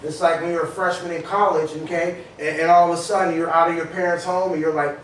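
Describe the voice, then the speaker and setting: In a workshop room, a man runs a sales training talk for a group, speaking energetically, often repeating words as he starts a thought, and acting out phone calls in a raised voice. His voice is a little high, bright and a little fast, with little pitch movement, recorded from far off in an echoey room with faint noise.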